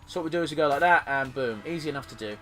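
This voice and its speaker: Male let's-play host, slightly high voice, loose and sweary, faint music underneath. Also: racing, fairly bright tone. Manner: sweary, rambling, jokey. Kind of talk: gameplay commentary.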